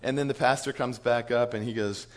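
Animated man telling a church story. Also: medium pitch, brisk. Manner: animated storyteller, chuckles through his story. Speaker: church staff speaker. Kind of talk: storytelling talk to church leaders.

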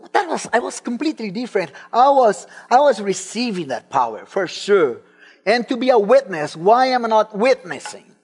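High-voiced Brazilian-born man preaching. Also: slightly rough. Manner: personal testimony, rising to fervent emphasis. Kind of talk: sermon.

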